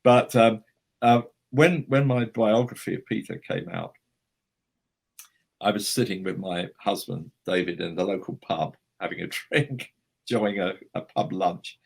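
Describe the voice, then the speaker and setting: Husky-voiced male writer telling anecdotes. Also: lowish voice, measured pace. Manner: chatty, animated, self-deprecating. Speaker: interview guest, writer. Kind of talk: anecdotal storytelling.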